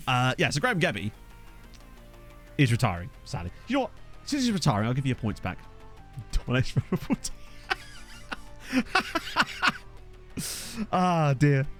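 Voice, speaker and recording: A man casually commentating a football management game on stream, chatting with viewers and laughing often. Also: mid-range voice. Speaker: gaming streamer. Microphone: USB desk microphone.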